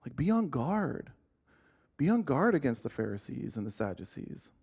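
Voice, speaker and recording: A man doing a calm, gentle warning teacher. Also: mid-range voice, normal speed, gravelly, slightly rough, full character voice. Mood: cautioning. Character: calm male teacher warning his followers.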